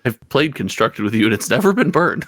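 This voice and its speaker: A man's voice: mid-range voice, sing-song, brisk, fairly bright tone, dry recording, studio quality. A man in casual podcast chat, playfully teasing and ribbing the others.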